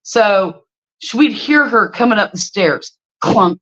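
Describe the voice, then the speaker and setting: A middle-aged woman hosting a casual livestream and telling stories with a lively, swooping voice. She reads viewer comments and exclaims freely. The sound is slightly muffled, as if from a lo-fi home stream. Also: medium pitch, a little slow. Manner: animated storyteller, exclaims freely. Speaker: livestream host. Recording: slightly dull lo-fi stream audio.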